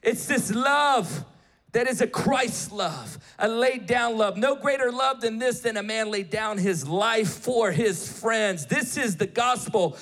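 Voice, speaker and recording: A male preacher giving an impassioned sermon, swinging between shouted appeals and hushed storytelling. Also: very high-pitched, animated, slow, long reverb tail.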